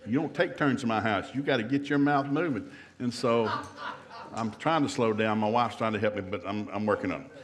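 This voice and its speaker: A man's voice: fairly low pitch, noisy background. A middle-aged man with a Southern US accent, giving a humorous marriage seminar in a church and acting out the voices in his stories. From American South. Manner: fast-talking storyteller acting out quotes. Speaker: seminar speaker. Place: church hall.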